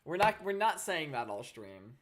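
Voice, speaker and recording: A woman streaming live gameplay, talking to her chat in a chatty, excitable, playful way. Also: deep voice, normal speed, a little hiss or hum. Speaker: gaming streamer.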